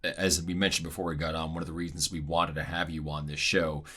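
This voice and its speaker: A male interviewer with an extremely deep, husky voice. He frames his questions earnestly after short words of agreement. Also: flat delivery, a little fast, bright, forceful tone. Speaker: podcast host. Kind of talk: interview hosting.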